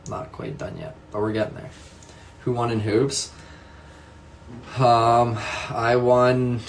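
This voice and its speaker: A young man with a slightly low voice chats with his viewers in a casual, unhurried way. He answers their comments one at a time, often repeating himself softly. He laughs easily as he goes. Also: creaky, slight background noise. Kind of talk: casual live chat.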